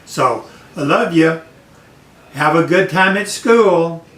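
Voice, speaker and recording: An older man reading a bedtime story to his grandchild, slow and gentle. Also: fairly high pitch, slight background noise. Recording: echoey room, voice off-mic.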